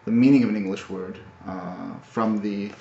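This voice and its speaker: Brief: man, low voice, thoughtful and halting self-recorded vlog, echoey room on a muffled mic. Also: steady tone, gravelly, dark tone, slight background noise. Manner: halting, thoughtful, many fillers and restarts. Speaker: language learner. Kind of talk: casual video recap. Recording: roomy, dull lo-fi audio.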